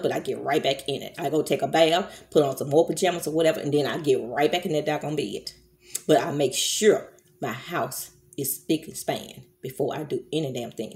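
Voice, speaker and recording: A woman's voice: low-pitched, a little mellow. A middle-aged woman vlogger delivering a heated, profane rant to her camera, scolding someone and turning to her viewers as y'all. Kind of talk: angry commentary rant to camera.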